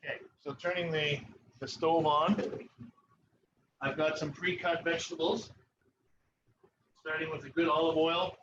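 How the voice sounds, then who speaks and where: A man, a chef and cooking instructor, giving a relaxed live cooking demonstration in a ski club kitchen, pausing often as he explains. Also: on the high side. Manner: relaxed, instructive, with frequent pauses. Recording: muffled online stream with background noise.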